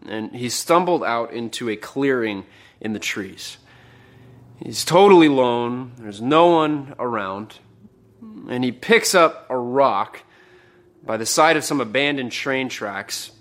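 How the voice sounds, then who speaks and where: A man preaching a sermon in an earnest voice, rising when he quotes an outburst and dropping to a hush on the heavy lines. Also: medium pitch.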